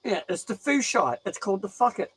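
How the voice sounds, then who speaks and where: A man's voice: sits high, quick pace, crowd noise, rough recording. A young Australian man chatting casually about crafts, rambling and swearing freely. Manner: profane, rambling, animated. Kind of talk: casual chat.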